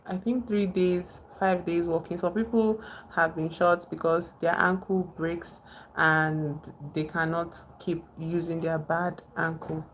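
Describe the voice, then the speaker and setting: A woman's voice: fairly low pitch, gravelly, a little hiss or hum. A woman hosting a casual livestream, reading and answering chat while rambling and repeating herself. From Nigeria. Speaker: livestream host.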